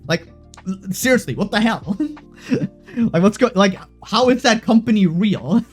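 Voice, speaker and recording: A man's voice: sits high, expressive, measured pace, soft background music. A young man streamer ranting casually to his chat, heated and profane, with lots of fillers and restarts.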